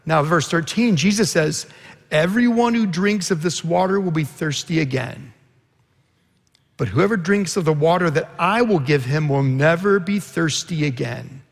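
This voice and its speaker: A man preaching a sermon, retelling a scripture story with earnest intensity. His voice sits a little high and has a gravelly edge. It carries a long reverb, as from a large hall. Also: animated, unhurried. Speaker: pastor.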